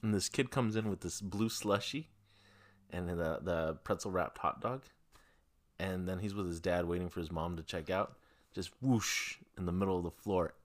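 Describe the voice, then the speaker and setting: A man hosting a podcast, telling stories in a casual, profane, animated way. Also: sits low, moderate pace. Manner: swearing storyteller, animated. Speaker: podcast host. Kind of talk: casual chat.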